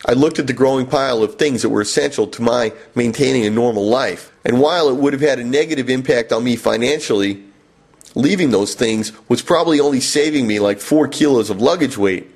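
A man tells a comic first-person story as a podcast host, wry and animated, with sudden jumps up in pitch when he exclaims. His voice sits at a middle pitch for a man. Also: brisk, breathy edge.

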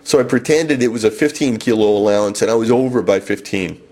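A man telling a comic personal travel story with wry, deadpan self-mockery. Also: fairly low pitch, fairly quick.

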